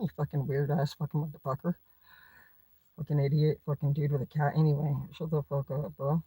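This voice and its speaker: Husky, foul-mouthed woman ranting. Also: low voice, flat delivery, a little fast, mellow, dry recording, rough recording. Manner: foul-mouthed, sarcastic, combative. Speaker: livestream host. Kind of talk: profane ranting livestream.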